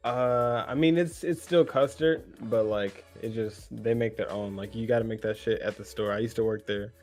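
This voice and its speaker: A young man, a podcast guest, chatting in relaxed, easygoing slang. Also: fairly low pitch, normal speed, faint music behind. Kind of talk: casual chat.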